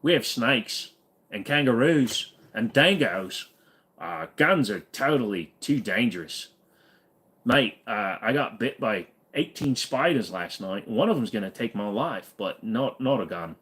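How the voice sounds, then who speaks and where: A man's voice: medium pitch, expressive, unhurried, a bit bright. A man putting on a jokey Aussie bloke. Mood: joking. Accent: put-on Australian. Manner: exaggerated jokey impression. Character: mock Australian bloke, laid-back and jokey.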